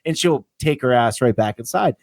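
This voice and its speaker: Male podcast host from Vermont, lively storyteller, close dry mic. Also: mid-range voice, normal speed, gravelly, dry recording. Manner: animated storyteller who acts out pets' voices; swears casually. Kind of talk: casual chat.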